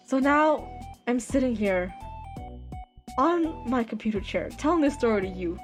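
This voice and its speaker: A woman's voice: high voice, big pitch swings, moderate pace, soft background music. A woman livestreaming from her computer chair, ranting in a dramatic, whiny way with exaggerated wails. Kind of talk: live-stream rant. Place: home computer setup.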